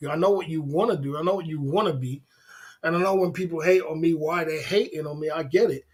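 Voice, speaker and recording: A man's voice: on the high side, fast, breathy edge. A man hosting a casual livestream, talking in a preachy, repetitive way full of rhetorical questions. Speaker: livestream host.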